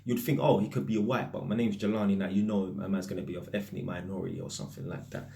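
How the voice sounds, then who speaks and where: Low-voiced and quick, with noticeable vocal fry, an electrician tells stories casually to camera. His British accent is full of London street slang, and his manner is lively and anecdotal.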